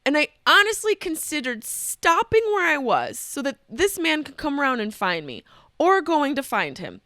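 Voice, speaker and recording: A woman hosting a podcast, telling a comic story in a profane, animated way and often interrupting herself. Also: high-pitched, normal speed, no room sound, clean studio sound. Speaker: podcast host. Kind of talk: comedic storytelling monologue.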